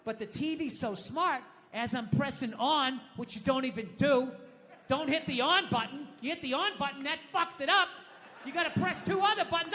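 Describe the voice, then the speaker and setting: A middle-aged American man doing stand-up comedy, ranting loudly and profanely with mock outbursts. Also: very high-pitched, normal speed, slight background noise. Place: comedy stage. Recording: live venue with long reverb.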